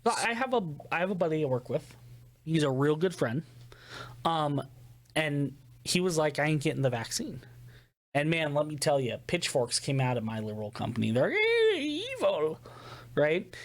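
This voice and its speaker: A man's voice: a little high, moderate pace. A man co-hosting a podcast, chatting casually and telling stories with quoted voices. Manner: chatty storyteller, quotes people in put-on voices. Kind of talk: casual chat.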